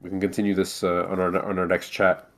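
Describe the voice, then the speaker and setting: A man from Montreal talks through a relaxed chat with a friend. His voice sits on the low side, and he rambles, circling back with restarts and fillers as he goes. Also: fast, a crowd in the background. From Montreal, Canada. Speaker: co-host. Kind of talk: casual chat.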